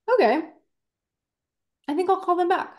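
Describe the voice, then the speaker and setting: An animated woman with a fairly high, warm voice speaks as a podcast guest. She talks in a reflective, expressive way and acts out her own thoughts as she explains them. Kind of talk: reflective conversational interview.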